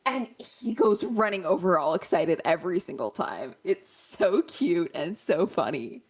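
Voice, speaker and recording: A woman chatting casually before a tabletop game, telling an amused, animated story. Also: on the low side, measured pace, breathy edge.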